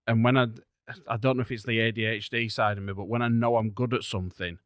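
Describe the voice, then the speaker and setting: A man's voice: fairly low pitch, fairly even intonation, quick pace, smooth, no echo, clean studio sound. A man talking animatedly in a casual podcast chat, full of restarts and asides.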